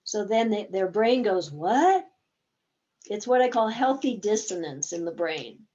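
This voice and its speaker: A woman's voice: medium pitch, lively intonation, moderate pace, dark tone, dull audio. A woman therapist explaining a game in a conversational teaching talk, acting out bits of dialogue as examples.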